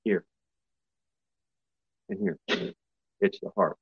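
A male pastor preaching a sermon, his voice jumping high and loud for emphasis before dropping back low. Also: very animated, drawn-out words, creaky, husky, no room sound, narrow, tinny audio. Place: church.

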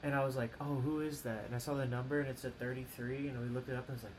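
A man's voice: mid-range voice, flat delivery, rapid-fire, slight background noise, low-quality recording. A young man co-hosting a casual sports podcast, laid-back and laughing through his stories. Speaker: podcast co-host.

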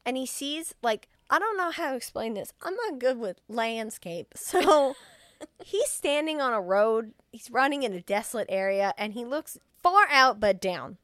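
A woman's voice: a little high, expressive, moderate pace, a bit bright, dry recording, studio quality. A woman co-hosting a podcast, casually retelling a film's plot with lots of swearing and acting out the characters' lines. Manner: profane, acts out the characters' lines. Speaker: podcast co-host explaining a film.

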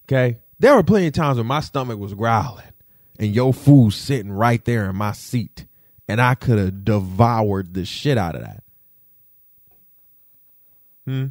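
A young man venting to the camera in a vlog, indignant and profane, repeating himself and swinging between low grumbles and sharp high outbursts. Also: animated, measured pace, pauses often, dry recording, clean studio sound. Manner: indignant, profane, repetitive rant with big pitch swings.

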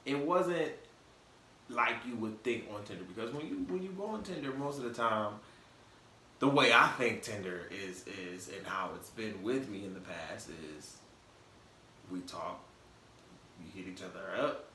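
Here a Southern-born podcast host raised in Michigan, carrying a light Southern accent mixed with Detroit, chats casually on a live stream with loose slang and frequent restarts. His low, pushed, bright voice has lively intonation, and he takes his time, pausing often. Audio comes through a distant, echoey mic with faint noise.

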